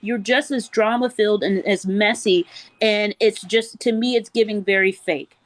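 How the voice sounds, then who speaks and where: A woman's voice: mid-range voice, fairly even intonation, normal speed, dry recording. A woman speaking bluntly and confrontationally, with cursing, in a casual live-stream argument. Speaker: TikTok live guest.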